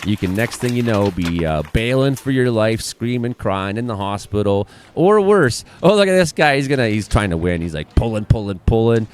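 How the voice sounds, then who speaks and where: Canadian man, sarcastic reaction commentary, laughs often, very lively pitch. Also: normal speed, few pauses. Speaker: video reaction host. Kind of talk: casual commentary reacting to videos.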